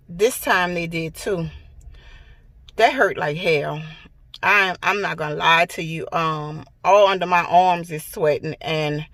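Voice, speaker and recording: A woman's voice: mid-range voice, fairly bright tone. A middle-aged woman hosting her own channel, chatting emphatically and directly to her viewers in a casual vlog. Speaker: home decorating channel host.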